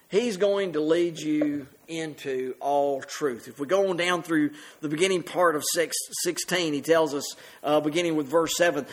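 A man preaching a sermon, reading scripture aloud and explaining it to the congregation, rising on the readings and dropping soft at phrase ends. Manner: rises in pitch and volume on scripture, drops soft and slow at phrase ends.

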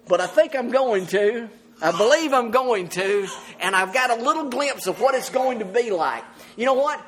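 A man preaching a sermon to a congregation, earnest and often laughing as he speaks. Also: very high-pitched. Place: church service with congregation.

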